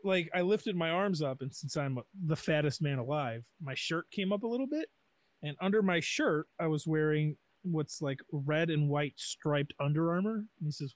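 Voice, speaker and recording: A man, co-hosting a podcast and telling a lively, jokey story in casual chat, acting out quotes. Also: fairly high pitch, no room sound. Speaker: podcast co-host.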